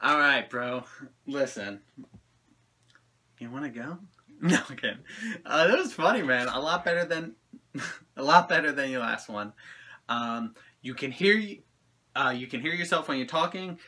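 A man talking casually to camera in a reaction video, wandering from thought to thought and laughing as he goes. His voice is very bright and sits at an ordinary middle pitch. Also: lively intonation, measured pace, long pauses. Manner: rambling and friendly, often laughing between thoughts.

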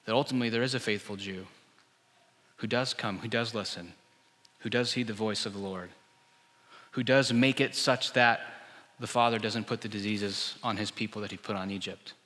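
A male pastor delivers a lively, storytelling sermon, slipping into the voices of the people he quotes. His tone is bright and forceful. The long reverb of a church hall trails after every phrase. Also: lowish voice, normal speed.

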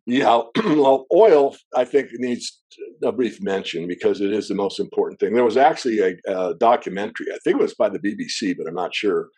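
A man with a low, mellow voice, talking as an interview guest about markets. He explains at length, drifting into asides, and clears his throat now and then. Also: lively intonation, brisk. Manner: discursive, wanders into asides. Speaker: precious metals analyst guest.

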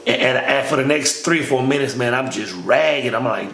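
A man talks fairly quickly, with vocal fry and hardly any pauses, in a mid-range voice as he relates a long story about army training. He's relaxed and slangy, saying "man" constantly, and the room echoes with faint noise.

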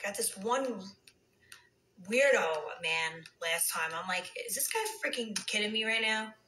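A woman's voice: medium pitch, expressive, measured pace, pushed and bright, a little hiss or hum, poor audio. A woman, chatting late at night with viewers on a phone livestream and cursing out trolls. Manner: brash, swears freely, talks back to trolls. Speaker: reality TV personality on a phone livestream. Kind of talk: casual livestream chat with viewers.

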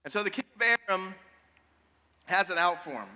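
A male pastor preaching in a church, retelling a scripture story with lively, casual asides. His voice is bright and forceful and sits a little high. A long hall reverb trails each phrase. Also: normal speed. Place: church sanctuary.

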